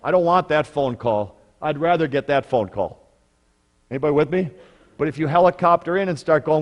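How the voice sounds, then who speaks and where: Animated male workshop presenter in echoey hall. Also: fairly high pitch, a little fast. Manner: animated storytelling, asks the audience questions. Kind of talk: parenting workshop talk. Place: large conference room.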